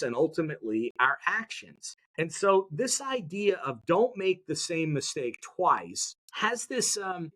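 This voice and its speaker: Upbeat male interview guest, expressive and slightly high-pitched, coaching tone. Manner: energetic, motivational, audience-engaging. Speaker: podcast guest, mindset educator. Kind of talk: conversational interview.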